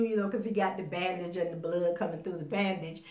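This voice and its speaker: A woman's voice: mid-range voice, steady tone, brisk, darkish tone. A woman with a mid-range voice gives a casual recap of a TV episode. She tells it with animation and slips into the characters' lines as she goes. Her voice carries a noticeable roomy echo. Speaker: TV show recapper.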